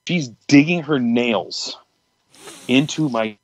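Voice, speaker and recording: Here the young co-host speaks slowly at a medium pitch, rambling through a candid, crude story with frequent restarts. It's casual podcast storytelling, captured with no echo but poor audio.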